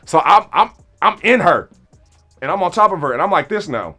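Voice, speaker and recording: Lively man telling a wild story. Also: high voice, brisk, soft background music. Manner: animated, acts out both sides of a conversation. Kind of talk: comedic storytelling among friends.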